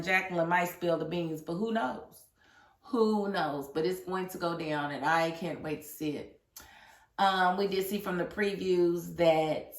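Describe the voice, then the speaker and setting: A woman giving a sassy, animated casual review of a reality TV episode, talking straight back to the people on screen. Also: mid-range voice. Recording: echoey room.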